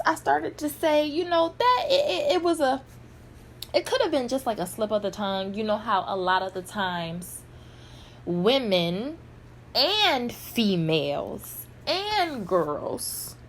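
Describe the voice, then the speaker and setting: A woman's voice: mid-range voice, slight background noise. Blunt, profane woman in a commentary vlog. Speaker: pop culture commentator.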